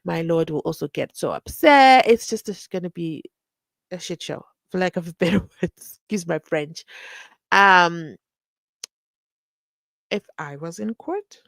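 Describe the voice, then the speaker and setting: A woman's voice: fairly low pitch, lively intonation, a little slow, creaky, long pauses, no echo. Woman, live stream host, chatty, laughs a lot, dry close sound. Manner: chatty, reads viewer comments aloud, laughs often. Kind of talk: casual live stream commentary.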